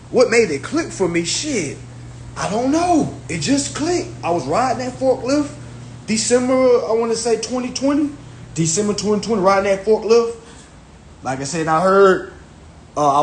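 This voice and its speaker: A man talking casually on a livestream, emphatic and profane, often repeating his phrases. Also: a little high. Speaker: social media livestreamer. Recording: echoey room with faint background noise.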